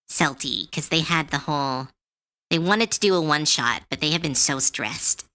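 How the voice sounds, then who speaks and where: A woman artist chatting casually on a livestream while she draws, talking in a chatty, animated way with many fillers and restarts. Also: sits low, moderate pace. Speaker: artist streamer.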